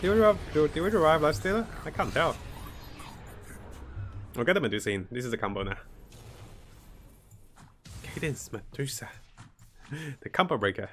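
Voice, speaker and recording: A man's voice: a little high, animated, normal speed, long pauses, a bit bright, slight background noise. A man streaming a strategy game, thinking his moves aloud, greeting viewers and chuckling often. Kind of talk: live gameplay commentary.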